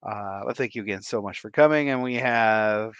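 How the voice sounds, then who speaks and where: A man from Michigan hosting a livestream, giving goofy, playful shout-outs to his viewers. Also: on the low side, clean tone, no echo, lo-fi sound. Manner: playful and goofy, drawn-out silly repetitions. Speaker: livestream host.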